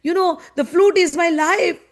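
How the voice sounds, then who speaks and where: A woman's voice: a little high, moderate pace, creaky, darkish tone. A woman voicing a young male god who pleads tearfully and searches anxiously for his lost flute. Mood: tearful pleading. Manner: pleading, tearful, repeated questions.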